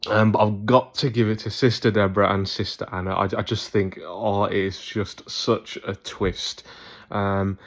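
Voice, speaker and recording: A man's voice: lowish voice, fairly even intonation, normal speed. A young man telling a rambling, chatty story to his viewers in a casual vlog. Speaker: YouTuber.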